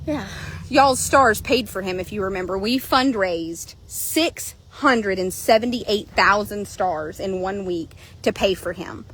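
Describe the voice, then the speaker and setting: A woman's voice: medium pitch, a little slow, fairly bright tone, a little hiss or hum. A woman hosting a casual vlog, chatting animatedly and swearing freely while filming horses outdoors on a handheld phone. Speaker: horse trader and channel host. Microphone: handheld phone camera.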